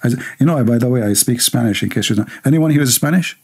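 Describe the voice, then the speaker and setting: A man's voice: medium pitch, fast talker, slightly rough. A man hosting a livestream, reading viewer comments aloud and mocking them with sarcastic asides and laughter.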